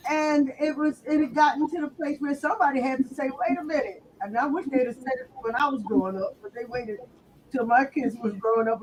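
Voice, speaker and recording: An older woman speaks in a folksy, unhurried way, pausing often to say "you know." She sounds reflective and settled in her views. There is a faint hiss in the background. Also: a little high, rough recording. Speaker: panelist. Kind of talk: casual panel discussion.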